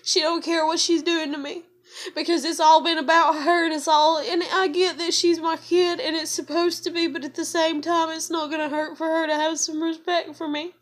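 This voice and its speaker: A woman's voice: very high-pitched, flat delivery, normal speed. A young mother crying and venting alone at home, tearful and swearing in an emotional vlog rant. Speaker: mother vlogging.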